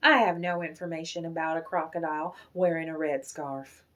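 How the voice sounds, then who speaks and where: A woman doing a prim, flat desk clerk. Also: low voice, moderate pace, voice pushed down.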